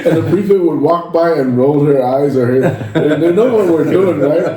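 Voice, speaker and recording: A man's voice: on the high side, normal speed, a crowd in the background. Man, echoey distant mic. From Samoa. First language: Samoan. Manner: animated storyteller who acts out quoted lines. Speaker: podcast co-host. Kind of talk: casual storytelling chat. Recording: echoey room, distant mic, faint noise.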